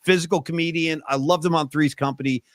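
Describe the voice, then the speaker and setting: A man's voice: a little high, quick pace, no echo, studio quality. A middle-aged man co-hosting a podcast, chatting casually and animatedly about sports and pop culture. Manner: animated, swings into loud impressions and sung lines. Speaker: podcast co-host.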